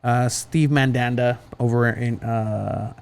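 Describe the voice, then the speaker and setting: A man's voice: medium pitch, steady tone, slow pace, creaky, clear, resonant tone. Teasing man on a casual sports podcast. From Southern California. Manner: teasing, laughs often, many fillers. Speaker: podcast co-host.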